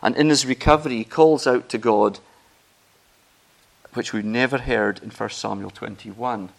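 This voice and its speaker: A man preaching a sermon, earnest and emphatic, rising in pitch and volume on key phrases. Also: unhurried, gravelly.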